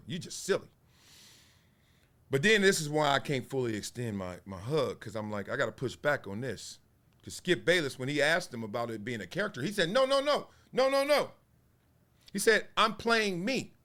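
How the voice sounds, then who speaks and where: A man, giving playful, animated casual commentary on sports media. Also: medium pitch. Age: 40s. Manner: animated, playful, acts out quotes in voices.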